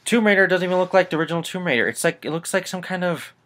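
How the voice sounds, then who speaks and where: Dude doing a gaming news vlog, rambly and sweary, kinda irritated. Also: male voice, high-pitched, rapid-fire, fairly bright tone. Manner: rambling, swearing, annoyed asides. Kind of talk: casual rant to camera.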